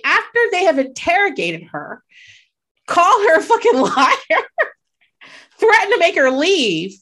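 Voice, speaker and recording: A middle-aged woman in casual chat, telling stories with lots of swearing. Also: high voice. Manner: animated storyteller, swears freely. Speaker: podcast co-host.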